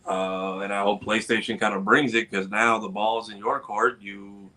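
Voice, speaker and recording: Low, forceful man on a gaming podcast. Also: flat delivery. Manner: measured, earnest, many fillers. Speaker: podcast co-host. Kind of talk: casual gaming podcast chat.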